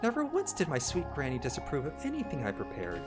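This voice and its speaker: A man's voice: fairly high pitch, huge pitch swings, fast talker, loud music behind the voice, voice pushed up. A man voicing a timid, eager-to-please young girl, read from game dialogue. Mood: meek. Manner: timid, polite. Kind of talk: reading game dialogue aloud.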